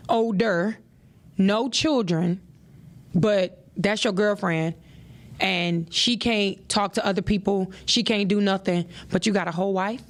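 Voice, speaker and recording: Emphatic woman preaching about relationships. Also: mid-range voice. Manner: preachy and emphatic, repeats points for effect; conversational, peppered with "you know". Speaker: podcast host. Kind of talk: casual relationship advice monologue.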